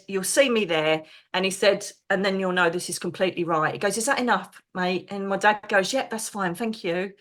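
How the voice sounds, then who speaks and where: A middle-aged woman, a podcast guest, telling stories excitedly and chattily, acting out the voices of people she quotes. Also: mid-range voice. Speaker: podcast guest, psychic medium. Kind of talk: animated storytelling.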